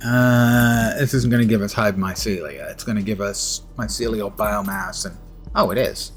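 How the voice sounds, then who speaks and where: A man's voice: fairly low pitch, unhurried, soft background music. A man giving casual, wry commentary while streaming a video game, with self-mocking asides.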